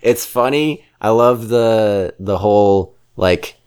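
Deep-voiced man rambling casually. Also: darkish tone, clean tone. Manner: rambling, opinionated, keeps slipping into quick character impressions. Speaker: podcast co-host reviewing a film. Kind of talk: casual chat.

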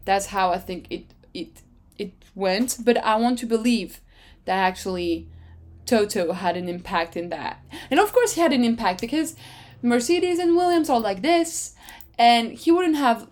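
A woman's voice: medium pitch, a little slow. Chatty woman podcaster. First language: French. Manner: rambling, chatty, self-correcting, with sudden excited jumps. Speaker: podcast host. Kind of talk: casual solo chat.

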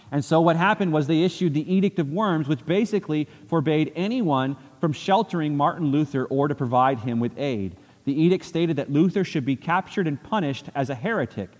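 A man's voice: fairly high pitch, darkish tone, long reverb tail. A man preaching a sermon from a church pulpit, earnest, repeating phrases for emphasis and acting out quoted speech. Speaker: pastor. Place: church sanctuary.

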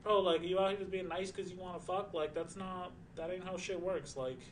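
A man's voice: sits high, steady tone, a little fast. Male streamer, twenties, loose profane chatter, light background noise. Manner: rambling, profane, lots of fillers. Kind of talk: casual chat.

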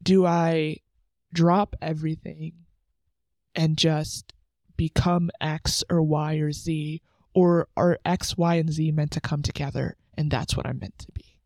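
A woman's voice: low-pitched, fairly even intonation, measured pace, a little mellow, no room sound. A young woman hosting a faith podcast, talking candidly and earnestly from home, chatty with lots of filler words. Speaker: podcast host. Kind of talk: casual devotional talk. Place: sitting on the floor at home under a blanket.

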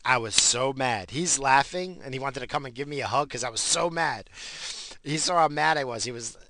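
A man's voice: medium pitch, moderate pace, no room sound. A middle-aged man from New York with a New York accent, telling a story in a casual monologue and swearing constantly. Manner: heavy swearing, animated. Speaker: solo storyteller.

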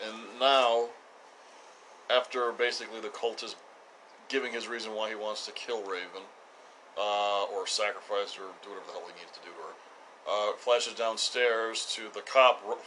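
Deadpan man co-hosting a podcast. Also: fairly low pitch, moderate pace, a little hiss or hum, poor audio. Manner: dry, deadpan teasing. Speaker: podcast co-host. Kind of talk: casual chat reviewing a TV episode.

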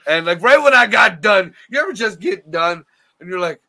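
A man's voice: high-pitched, lively intonation, moderate pace, pushed and bright. A man as a podcast guest, telling laid-back stories and swearing freely. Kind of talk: casual podcast chat.

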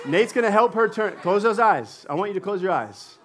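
A man with a fairly high voice preaches a sermon in a church. He sounds relaxed and playful, chatting with the congregation and laughing as he goes. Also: a little fast, a faint crowd. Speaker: pastor. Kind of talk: sermon with audience interaction.

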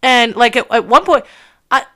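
Animated, profane young woman telling a story. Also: fairly high pitch, moderate pace. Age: early 20s. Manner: animated, profane, heavy filler words. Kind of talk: casual storytelling.

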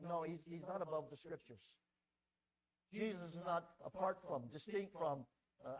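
A male pastor delivers a sermon in a fairly high voice. He moves from hushed, low stretches to loud, pleading peaks and repeats words as he presses his point. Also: normal speed, crowd noise, poor audio. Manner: emphatic preaching, swings from low and quiet to loud and pleading; repeats words when stirred.

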